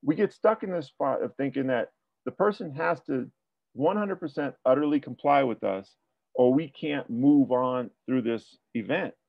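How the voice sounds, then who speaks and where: A man's voice: mid-range voice, normal speed, creaky, no echo, narrow, tinny audio. A man working as a police tactics trainer, talking through a debrief and asking rhetorical questions. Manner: explanatory, asks rhetorical questions.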